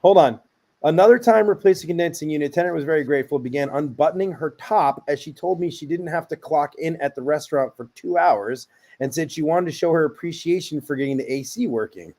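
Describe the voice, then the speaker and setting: A man's voice: on the high side, fairly quick, dark tone. Easygoing male podcast host. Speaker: podcast host reading listener stories. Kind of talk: casual chat and reading aloud.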